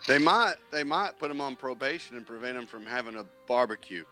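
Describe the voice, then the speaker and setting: A man co-hosting a casual podcast who makes wisecracks in a lively way. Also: mid-range voice, a little fast, faint music behind. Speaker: podcast co-host. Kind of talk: casual chat.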